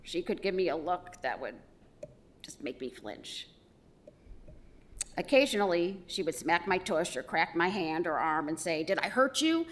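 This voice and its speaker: A middle-aged woman giving a eulogy for her mother, telling stories with gentle humor. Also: fairly low pitch, measured pace, pauses often. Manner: warm storytelling with gentle humor. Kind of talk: funeral eulogy.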